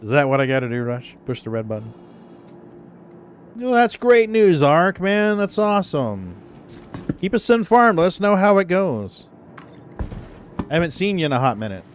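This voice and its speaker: His voice is a little high, with big pitch swings, a moderate pace and long pauses, as he laughs and swears with viewers on a casual gaming stream. He's still recovering from the flu, so laughter brings coughs, and there's slight background noise.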